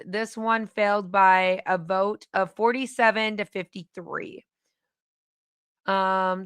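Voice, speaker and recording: A woman hosting a livestream in casual chat, talking in an excitable, chatty way and laughing often. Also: mid-range voice, clear, resonant tone, no room sound, studio quality. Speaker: livestream host.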